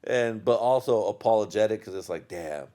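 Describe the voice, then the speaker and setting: A slightly low-voiced man rambles through a casual podcast monologue, cursing freely and breaking into laughter. He sounds a little tipsy, loose and unfiltered as he talks straight to his listeners. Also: normal speed, warm tone. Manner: profane, rambling storyteller with bursts of laughter. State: tipsy from drinking. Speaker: podcast host.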